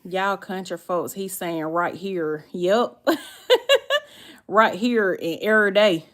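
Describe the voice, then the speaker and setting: A woman's voice: lowish voice, takes it slowly. A woman with a Southern US accent, chatting casually on a livestream and answering viewers' comments. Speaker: livestream host.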